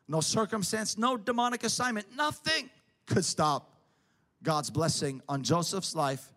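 A preacher with a notably high-pitched, slightly bright voice delivers an emphatic sermon. He hammers each point home with repeated, parallel phrases.

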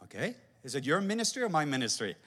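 A man preaching a sermon with animated, dramatic storytelling, acting out voices as he goes. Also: on the high side, fast talker, husky, in a large hall.

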